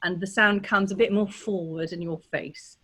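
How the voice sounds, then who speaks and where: A woman with a Californian accent, teaching as a dialect coach and demonstrating sounds in a lively way, often checking in with "right?". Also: medium pitch, normal speed, breathy edge. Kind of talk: teaching pronunciation in a workshop.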